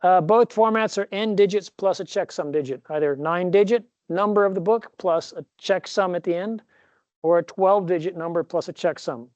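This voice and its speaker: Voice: medium pitch, moderate pace, a little mellow, dry recording. Professor, classroom lecture, rambling, self-correcting, jokey asides, dry sound, dull lo-fi recording.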